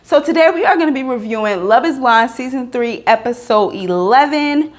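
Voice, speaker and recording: High-voiced, animated woman reviewer. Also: normal speed. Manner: animated, exasperated, chatty with fillers. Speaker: reality TV reviewer. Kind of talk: casual vlog commentary.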